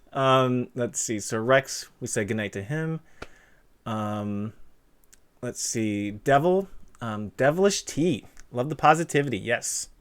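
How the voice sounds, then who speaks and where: A man's voice: mid-range voice, animated, slow. A man hosting a casual livestream interview, reading chat messages and cracking dad jokes, with a stuffed-up nose. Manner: jokey, self-deprecating, punny.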